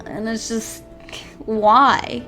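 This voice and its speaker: A young woman playing through a visual novel and mocking it, sarcastic and quick to swear. Her voice sits fairly high. Faint music plays underneath. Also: steady tone, sharp tone. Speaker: gaming YouTuber. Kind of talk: profane visual novel commentary.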